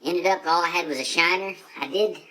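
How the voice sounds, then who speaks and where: A man's voice: a little high, a little fast, bright, forceful tone, rough recording. A man playing a brash foul-mouthed redneck racer. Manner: profane, rambling, boastful trash talk. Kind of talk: comedic monologue to camera.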